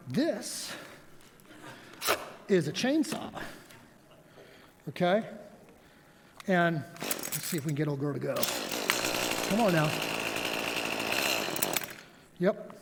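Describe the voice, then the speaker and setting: Male pastor, high voice, lively storytelling sermon, long church reverb. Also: takes it slowly, long pauses, noisy background. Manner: animated storytelling with props. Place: church sanctuary.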